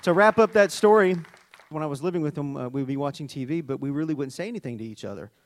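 A man preaching a sermon in a church, earnest and halting, with fillers and restarts. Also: on the high side, animated, some chatter behind. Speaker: pastor.

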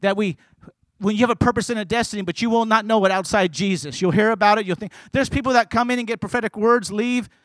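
A man with a high voice preaches a sermon, building rhythmic, repeated lists up into shouts and then dropping into quiet asides. The sound is close and dry, with no room echo. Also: fast. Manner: repetitive, rhythmic phrasing. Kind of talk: sermon to a congregation.

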